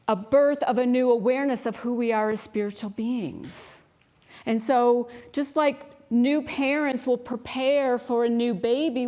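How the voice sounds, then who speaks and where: Woman minister preaching, slightly high. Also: a little mellow. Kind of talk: sermon. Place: church sanctuary.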